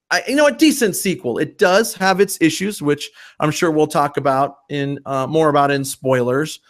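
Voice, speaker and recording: A man hosting a movie review podcast, upbeat and chatty. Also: fairly high pitch. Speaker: podcast host. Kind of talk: casual movie review chat.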